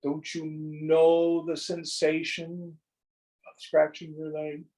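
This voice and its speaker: A man teaching a study group on a spiritual text, speaking slowly and deliberately and sometimes acting out little dialogues. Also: fairly high pitch, completely flat delivery, mellow, poor audio.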